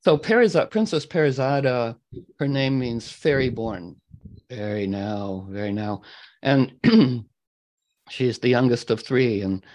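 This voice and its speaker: Male host, mid-pitched, rambling storyteller who keeps clearing his throat. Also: a little mellow, rough recording. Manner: meandering, clears throat often. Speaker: astrology talk host. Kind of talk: storytelling to a group.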